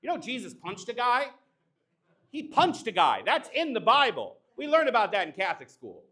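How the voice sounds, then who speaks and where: A man's voice: very high-pitched, huge pitch swings, moderate pace, sharp tone. A young man doing a live stand-up set, brash and teasing the crowd. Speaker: stand-up comedian. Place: live comedy show at an art exhibition.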